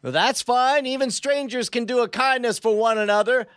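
A swaggering warlord with a fake Southern drawl delivers slow, grandiose threats from a tabletop game, as a man puts him on. The voice sits high, and the sound is close and dry. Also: fairly bright tone, clean tone, dry recording. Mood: menacing. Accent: put-on fake Southern drawl. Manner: slow grandiose villain speeches. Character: swaggering menacing male warlord of a chimp army.

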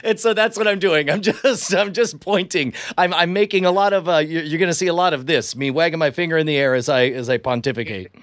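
A man co-hosting a podcast, casually telling an animated story and acting out his own quotes. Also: on the high side, quick pace, few pauses, no room sound. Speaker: podcast co-host. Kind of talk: casual chat.

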